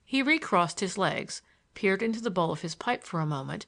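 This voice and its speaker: A woman narrating an audiobook in an expressive reading voice. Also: lowish voice, normal speed. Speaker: audiobook reader. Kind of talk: storybook narration.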